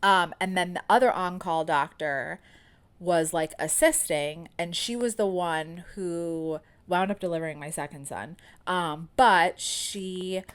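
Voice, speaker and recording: Candid podcast host, woman, 30s, slightly low voice, chatty storytelling delivery. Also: measured pace, smooth. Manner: chatty and candid, many "like" and "um" fillers.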